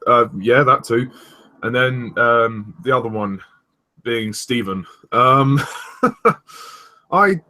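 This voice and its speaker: A young man hosting a casual review chat, rambling with many pauses and restarts. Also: medium pitch, sharp tone. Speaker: host of a review discussion.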